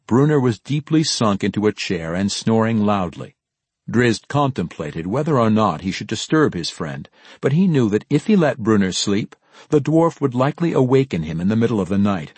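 Male audiobook narrator, low husky voice, dry close studio sound. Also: lively intonation, moderate pace, darkish tone, no room sound. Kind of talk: scripted narration.

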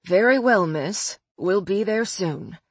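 A courteous male chauffeur addresses his passenger in formal, measured tones over the car intercom, as the woman narrating the audiobook puts him on. His voice is dry and close, with nothing of the room around it. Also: mid-range voice, animated, breathy edge, no room sound, full character voice. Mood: polite.

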